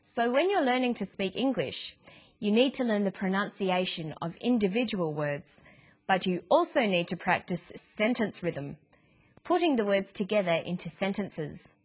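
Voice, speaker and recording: A woman narrating a scripted English pronunciation lesson in a clear, measured way. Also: mid-range voice, animated. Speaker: English teacher.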